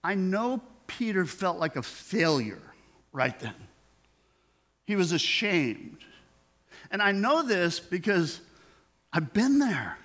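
A man's voice: high voice, sing-song, takes it slowly, long pauses, fairly bright tone. A man preaching a sermon in a conversational way, acting out the dialogue he quotes. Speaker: pastor.

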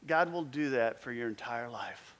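A preacher doing a soft-spoken, kind schoolteacher. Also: male voice, mid-range voice, lively intonation, normal speed, lightly acted. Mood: reassuring. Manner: quiet and caring. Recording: long echoing reverb.

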